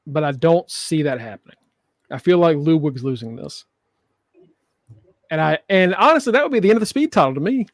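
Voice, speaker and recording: A man with a high voice co-hosts a wrestling podcast, joking and cursing as he recaps the show. He acts out the wrestlers' lines in quotes. The sound is close and dry, with no room around it. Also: lively intonation, brisk, long pauses, no echo. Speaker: podcast co-host. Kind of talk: casual wrestling chat.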